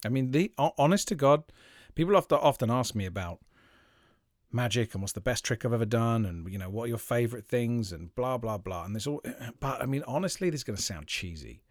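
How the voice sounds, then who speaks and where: A man hosting his own podcast, talking reflectively and haltingly with many fillers and restarts. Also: medium pitch, lively intonation, dry recording, clean studio sound. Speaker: podcast host, magician. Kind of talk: reflective solo podcast talk.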